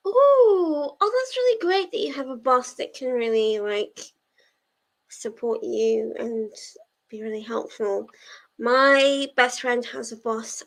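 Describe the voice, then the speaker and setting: Slow-talking high-voiced woman streamer. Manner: chatty, giggly, lots of fillers. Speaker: livestream host of a reading sprint. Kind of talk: casual livestream chat reading out viewer messages.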